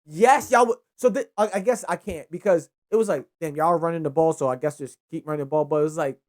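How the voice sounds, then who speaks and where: A young man hosting a casual solo football recap, rambling and excitable, with frequent profanity. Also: fairly high pitch, fast. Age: young adult. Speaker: sports show host.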